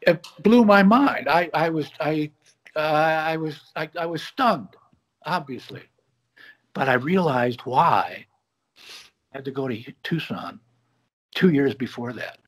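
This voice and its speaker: A man's voice: mid-range voice, slow, pauses often. A man guest on a video call from his home office, telling a story and acting out the quoted dialogue in it. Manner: animated, acts out quoted dialogue. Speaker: guest, bar magician. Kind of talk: conversational storytelling.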